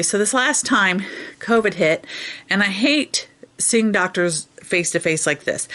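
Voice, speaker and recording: A woman's voice: medium pitch, fairly bright tone. A woman in her forties chatting casually to camera as a vlogger, telling personal stories and acting out what others said. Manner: chatty, storytelling, acts out quoted voices.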